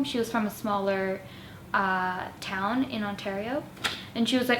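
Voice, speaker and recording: A woman's voice: on the high side, brisk, slight background noise. A woman in her twenties telling roommate stories in a casual, chatty storytime style, with lots of "like" fillers. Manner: chatty, animated, many "like" fillers. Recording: echoey room.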